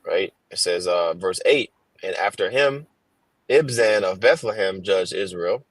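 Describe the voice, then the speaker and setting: A low-voiced man reads scripture during a relaxed Bible class of casual reading and discussion, going slowly, pausing with fillers and restarting often. Captured through headphones on a stream, the sound is dry, close and rough.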